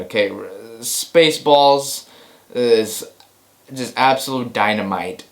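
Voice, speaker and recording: A man hosting a casual movie news show, excitable and rambling, often repeating himself. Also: fairly low pitch.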